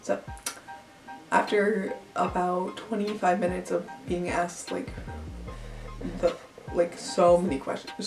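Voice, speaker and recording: A woman's voice: on the low side, little pitch movement, unhurried, gravelly, pauses often. A young woman vlogger telling a storytime tale in a chatty way, full of "like.". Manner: chatty, heavy use of "like". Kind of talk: storytime vlog. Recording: echoey room, distant mic, faint music.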